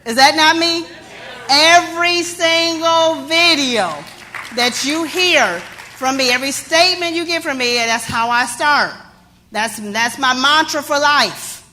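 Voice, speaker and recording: A woman life coach speaks in a high, bright voice. She delivers a motivational talk with emphatic, playful energy. She drives her points home by repeating phrases. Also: a little slow, slight background noise.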